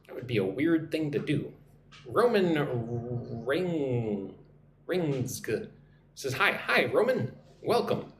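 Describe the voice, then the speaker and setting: A man from the United States teaching an English lesson on a livestream, drilling pronunciation slowly and asking "right?" again and again. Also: medium pitch, sing-song. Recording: echoey room, faint background noise.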